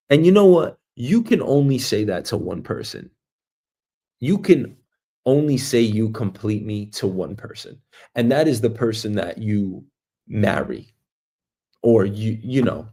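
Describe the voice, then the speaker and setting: A man from Queens, hosting a show and telling a meandering comic story, swinging between loud bursts and quiet asides. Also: on the low side, creaky, slightly rough. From Queens, New York, US. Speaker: show host. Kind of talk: rambling comic monologue. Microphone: streaming mic.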